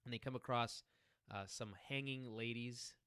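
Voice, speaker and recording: A man's voice: mid-range voice, fairly even intonation, normal speed, pushed and bright, clear, resonant tone, no echo. A man co-hosting a podcast, talking through a TV episode in easy, chatty recap. He laughs often and slips into the lines of the scenes as he retells them. The sound is close and dry, with no room around it. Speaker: podcast co-host.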